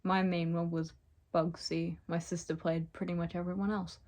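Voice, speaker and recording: A woman's voice: fairly low pitch, level tone, moderate pace, a little mellow. A young woman reading aloud stories she wrote as a child, breaking off for giggly, self-mocking asides. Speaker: reader of her childhood stories.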